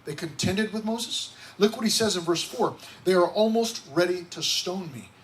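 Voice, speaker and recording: A man with a high-pitched voice preaches a casual, lively sermon, slipping into little acted voices and firing off rhetorical questions. A faint hiss of noise sits under the recording. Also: moderate pace, low-quality recording. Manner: conversational, animated, acts out voices and rhetorical questions. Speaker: pastor.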